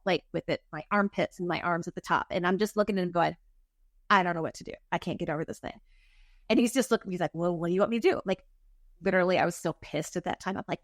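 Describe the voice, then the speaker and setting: A middle-aged woman tells a personal story as an interview guest, with a mid-range pitch. She acts out her own quoted thoughts with energy and laughs at herself along the way. Her voice sounds dry and close, with no room echo. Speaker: guest author.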